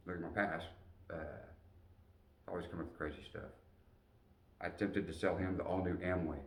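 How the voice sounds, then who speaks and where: Deep-voiced man telling a story in a roomy space. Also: gravelly. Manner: animated, acts out voices. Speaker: motivational storyteller. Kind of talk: personal storytelling. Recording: roomy echo, distant mic.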